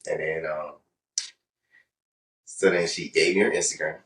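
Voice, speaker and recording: Young man, co-host, deep voice, laid-back and halting, far off-mic. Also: flat delivery, fairly bright tone, slight background noise. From Atlanta South Side. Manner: laid-back, hesitant, lots of fillers. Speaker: podcast co-host. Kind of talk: casual chat. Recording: roomy sound, distant from mic.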